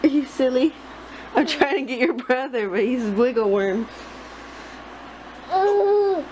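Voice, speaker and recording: High-voiced mom in noisy home video. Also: female voice, expressive, takes it slowly. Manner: sing-song baby talk, frequent laughs. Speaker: vlogger and mother. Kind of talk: casual home vlog, talking to her baby. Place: home, indoors.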